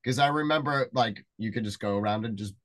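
A man's voice: on the low side, a little fast, a bit bright. Man, podcast host, casual chat, rambling, filler words. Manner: rambling storyteller, many fillers and restarts.

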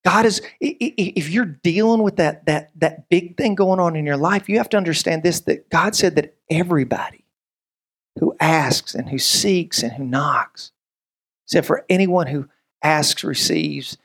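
A man's voice: a little high, moderate pace, slightly rough. A man preaching a sermon as pastor, conversational, with stammered restarts, acting out little voices and quotes. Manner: lively, acts out voices and quotes.

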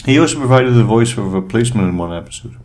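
A man's voice: mid-range voice, lively intonation, racing, a little mellow. A man co-hosting a podcast, chatting casually with sarcastic, teasing remarks. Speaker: podcast co-host.

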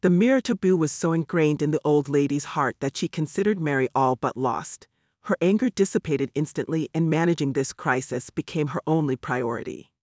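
A man's voice: fairly high pitch, a little fast, a little mellow, no room sound. Male audiobook narrator, dry and close.

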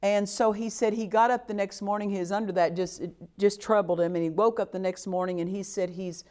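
A woman's voice: medium pitch, fairly even intonation, a little fast, darkish tone. A woman preaching a sermon, earnest and exhortative, repeating phrases for emphasis and now and then breaking into a short laugh. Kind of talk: sermon to a responding congregation.

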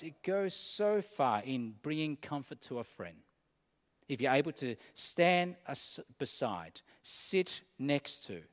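Slow, earnest preacher man in a hall. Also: mid-range voice. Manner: earnest, slow and deliberate, with pauses between phrases. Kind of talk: sermon.

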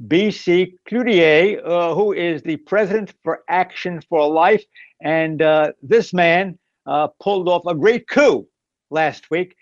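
Jokey man with a high, dry voice. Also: dry recording, dull audio. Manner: jokey, laughs often. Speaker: priest, co-host. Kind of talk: casual chat.

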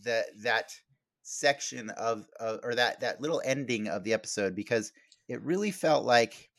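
A man's voice: medium pitch, moderate pace, creaky, fairly bright tone, dry recording, clean studio sound. A man hosting a podcast, chatting casually and rambling, with many fillers and restarts. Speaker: podcast host.

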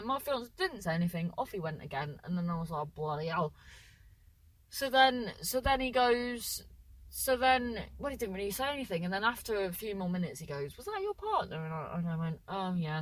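A woman's voice: mid-range voice, fairly bright tone, dry recording, poor audio. A young woman telling a long, rambling story in casual chat, correcting herself often and acting out what people said, with the odd swear word. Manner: rambling, self-correcting, with lots of "so then"; swears casually, acts out voices in quotes. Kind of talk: casual anecdote.

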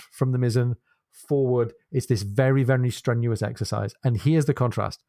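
A man on a book podcast, retelling a chapter in a measured, descriptive way with small hesitations. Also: medium pitch, a little mellow, dry recording, clean studio sound. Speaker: podcast co-host.

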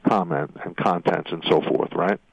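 A man's voice: sits low, steady tone, normal speed, creaky, no echo. A man hosting a radio interview as an attorney, walking his guest through her story with rambling leading questions that keep ending in "right?". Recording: dull radio audio.

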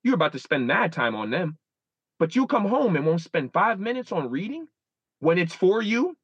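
Guy in his 30s, lively up and down voice, plays out his own thoughts, dry dull recording. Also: high-pitched, moderate pace, husky, no echo. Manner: animated storyteller acting out his own inner dialogue. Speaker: guest. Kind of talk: casual interview talk.

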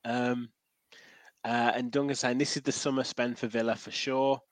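A man's voice: mid-range voice, level tone, moderate pace, no echo. Easygoing man, dry close sound. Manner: easygoing, laughs often, trails off with fillers. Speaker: podcast co-host. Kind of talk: casual football chat.

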